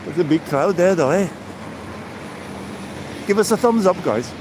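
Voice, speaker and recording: Out on a seaside promenade, an English vlogger in his sixties streams his walk live, greeting viewers by name in casual chat. His voice is high and animated yet unhurried, with noise in the background.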